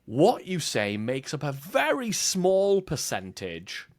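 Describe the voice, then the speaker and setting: Animated man explaining in a lively voice. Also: on the high side, takes it slowly. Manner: animated, explains with examples and shifting emphasis. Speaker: podcast guest, email marketing strategist. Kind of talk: conversational podcast interview.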